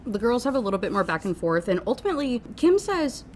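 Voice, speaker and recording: A woman giving an animated, sarcastic rant review of a novel, swearing freely as she goes. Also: a little high, quick pace, hardly any pauses. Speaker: book reviewer. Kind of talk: ranting book review.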